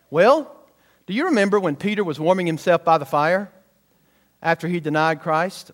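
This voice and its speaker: A man preaching. His voice sits high for a man. He is emphatic and keeps throwing questions back to the congregation. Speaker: pastor. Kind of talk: sermon.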